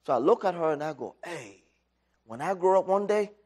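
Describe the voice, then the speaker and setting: A middle-aged man giving an inspirational talk, telling a personal story with dramatic swings from loud to quiet. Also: sits high, lively intonation, brisk, noisy background. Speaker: speaker.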